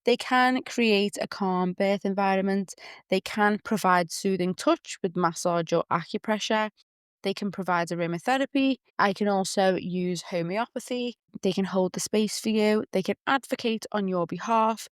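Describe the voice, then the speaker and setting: Young Liverpool woman, podcast host, chatty and frank, crisp tone. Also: mid-range voice, normal speed, no room sound, clean studio sound. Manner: chatty, candid, quotes people in lively voices. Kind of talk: casual chat.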